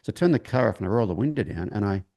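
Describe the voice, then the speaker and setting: A man tells a long personal story during an interview, halting and restarting as he acts out what people said. His voice is low and dark, with a gravelly texture. The delivery is conversational. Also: animated. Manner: halting, with many restarts, acting out quoted dialogue. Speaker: horse trainer, interview guest.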